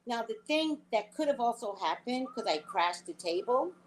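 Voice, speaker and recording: A middle-aged woman, a psychic reader, telling a story in an animated, emphatic way during a live reading chat. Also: on the high side, normal speed, a little hiss or hum.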